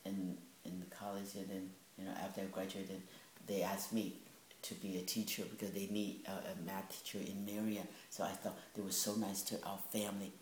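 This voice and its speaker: Low-voiced older woman telling family stories. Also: fairly quick, hardly any pauses. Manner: animated, acts out voices, laughs often. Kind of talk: casual family storytelling. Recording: echoey room, faint hiss.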